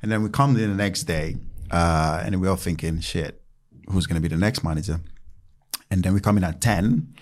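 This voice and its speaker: Man, former footballer, low voice, casual storytelling, acts out quotes. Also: normal speed. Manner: animated, acts out quotes in raised voice.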